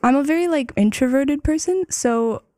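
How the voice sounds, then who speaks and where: An eighteen-year-old woman, a trumpeter guest in an interview, speaking in a modest, soft-spoken way with fillers and laughs. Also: high-pitched, animated, moderate pace, dry recording, studio quality. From Plano, Texas. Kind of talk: casual interview.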